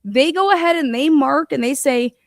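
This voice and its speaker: High-voiced blunt, profane woman host. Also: moderate pace, gravelly, no echo, clean studio sound. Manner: profane and blunt, retelling events with lots of fillers. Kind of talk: true crime podcast chat.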